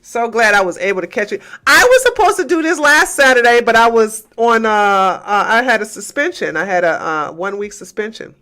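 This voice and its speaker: A woman's voice: fairly high pitch, fairly quick, few pauses. A woman from the US, hosting a casual livestream and talking emphatically to her chat. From Georgia, USA. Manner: animated, emphatic, talks to chat, swings between loud outbursts and muttering. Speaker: livestream host.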